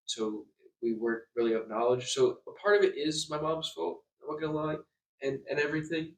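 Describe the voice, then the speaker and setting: Fast-talking young man ranting, roomy echo. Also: a little high, a little hiss or hum. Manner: agitated, swearing, stammering repeats. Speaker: vlogger. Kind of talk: angry storytime rant. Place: hotel room. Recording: echoey room, distant mic.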